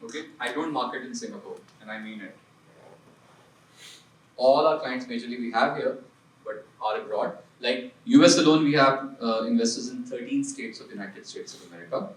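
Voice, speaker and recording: A man's voice: medium pitch, reverberant, distant mic, low-quality recording. A man who leads an investment firm gives a seminar talk in a punchy, conversational way, often throwing rhetorical questions at the audience. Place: seminar room.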